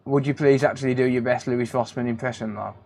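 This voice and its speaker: A man with a mid-range voice and a quick pace hosts a casual live stream. He's a repair technician, and he relaxedly reads out chat viewers' names, calling each of them mate.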